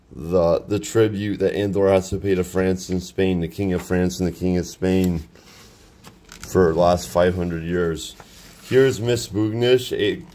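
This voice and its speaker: A man with a lowish voice talks through a sketchbook page by page. He rambles loosely, trailing off with fillers and restarting sentences as he goes. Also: dark tone. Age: 30s. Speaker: artist showing his sketchbook. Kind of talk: casual rambling commentary.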